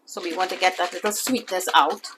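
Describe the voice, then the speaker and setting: A woman's voice: fairly low pitch, fairly even intonation, fairly quick, background noise. A woman from the islands, chatting casually through a cooking demonstration and calling her viewers foodies, in a home kitchen. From Caribbean islands. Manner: chatty, addresses viewers as foodies, pleading emphasis. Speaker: cooking channel host.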